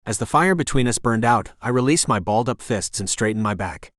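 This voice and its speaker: A man narrating a romance audiobook in the first person with steady, intense storytelling on a close studio mic. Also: medium pitch, a little fast, no echo.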